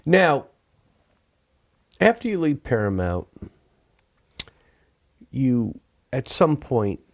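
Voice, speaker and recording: A man hosting an interview, introducing the episode and asking measured questions. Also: medium pitch, very animated, creaky. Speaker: host.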